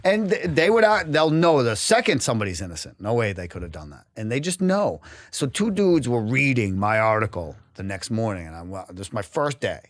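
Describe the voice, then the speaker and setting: A man's voice: on the low side, big pitch swings, brisk, few pauses, no room sound, studio quality. A man from New England, a guest on a podcast, telling his story candidly and emotionally, swearing freely and often breaking off and restarting.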